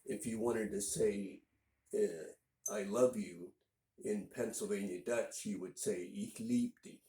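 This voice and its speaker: A man from northern Indiana giving a casual spoken language lesson, unhurried and explanatory, with frequent pauses to think. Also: fairly low pitch, fairly even intonation, dark tone, reverberant, low-quality recording. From northern Indiana, USA. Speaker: language teacher.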